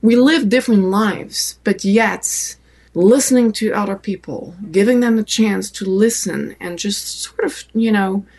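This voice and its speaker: A woman with a French accent recounts her travels at length, as a podcast guest. Her voice sits at an ordinary middle pitch with a gravelly edge of vocal fry, and she tells the story in a loose way, full of fillers. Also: unhurried. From France. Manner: warm anecdotal storytelling with many fillers.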